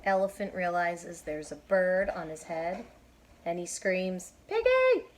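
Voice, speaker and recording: Low-voiced woman reading to children. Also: fairly even intonation, a little slow, slight background noise. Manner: bright, encouraging, asks kids questions. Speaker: teacher reading aloud to children. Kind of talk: children's read-aloud.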